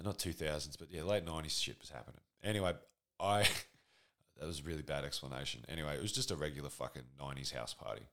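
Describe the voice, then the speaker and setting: An Australian man in his forties with a bottomless, rumbling bass voice spins a casual comedic anecdote. He rambles, swears freely and pokes fun at himself as he goes. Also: fairly bright tone. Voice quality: extremely deep voice. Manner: rambling, profane, self-deprecating storytelling.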